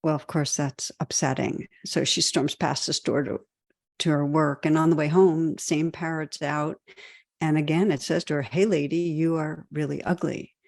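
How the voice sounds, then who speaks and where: A woman giving a dharma talk as a meditation teacher, gentle and reflective, often using "you know" and soft restarts. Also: deep voice, steady tone, normal speed, gravelly, no echo, clean studio sound.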